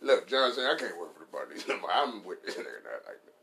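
A man playing a blustering, tough-talking male police officer who shouts and curses. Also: on the low side, sing-song, quick pace, creaky, full character voice. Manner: shouty, cursing.

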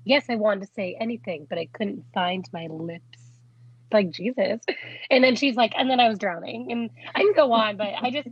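A woman's voice: medium pitch, moderate pace, husky, muffled recording. A young woman co-hosting a podcast, chatting in a bubbly, giggly way with lots of "like". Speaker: podcast co-host. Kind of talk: casual chat.

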